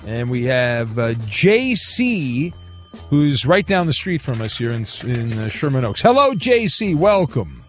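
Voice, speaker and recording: A man hosting a late-night sports radio show, reading quiz clues in a brisk, jokey way. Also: mid-range voice, big pitch swings, faint music behind. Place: radio studio.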